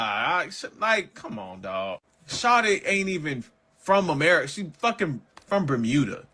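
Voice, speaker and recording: Animated, sarcastic man swearing constantly. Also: on the high side, unhurried. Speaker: podcast co-host. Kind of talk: profane commentary.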